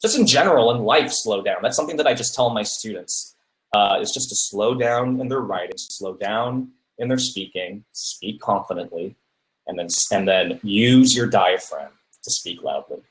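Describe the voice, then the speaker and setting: A man's voice: on the low side, expressive, normal speed. A man hosting a podcast, casually giving public speaking advice and often checking in with "right?". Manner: many fillers and restarts, asks "right?" often. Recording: roomy echo.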